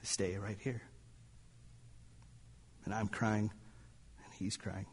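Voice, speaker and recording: A man's voice: lowish voice, level tone, slow pace, slightly rough, in a large hall. A male pastor preaching a sermon in a church, telling a story dramatically and sometimes dropping to near-whispers. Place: church sanctuary.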